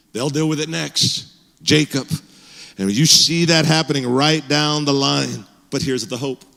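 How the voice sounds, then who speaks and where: Middle-aged male pastor, lively conversational sermon, slightly high, ringing church hall. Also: vocal fry. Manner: animated, conversational, frequent fillers and restarts. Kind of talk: sermon with personal storytelling. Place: church sanctuary.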